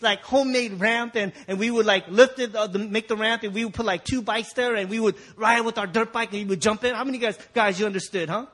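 A man's voice: sits high, fairly bright tone. A Korean-born male pastor preaching a sermon, telling a childhood story and acting out its scenes with big swings in voice. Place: church sanctuary.

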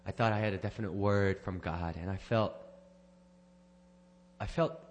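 Rambling low-voiced man giving a testimony. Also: steady tone, normal speed, a little hiss or hum. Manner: rambling and self-correcting, with soft laughs. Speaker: church member giving a testimony. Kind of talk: personal testimony.

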